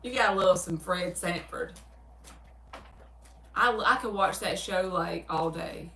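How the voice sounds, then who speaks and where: A woman with a Southern US accent hosts a tarot livestream, chatting casually as she reads out viewer comments and answers them with easy laughs and animated storytelling. Her voice is on the low side and a little slow, and the sound is roomy, with her sitting far from the mic.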